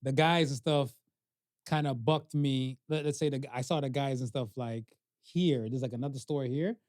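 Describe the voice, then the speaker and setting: A man's voice: mid-range voice, normal speed, dry recording. A man co-hosting a podcast, telling a story in a loose, casual way. He fills his talk with little fillers and acts out what people said. The recording sounds dry and close. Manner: loose, animated retelling with many fillers and acted-out quotes. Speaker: podcast co-host.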